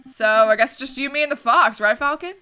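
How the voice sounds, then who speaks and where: An eager young male sparrow chatters along in a courtroom game, as a woman reads him. The tone is bright and lively. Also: high-pitched, a little fast, clear, resonant tone, pitched above the performer's own voice.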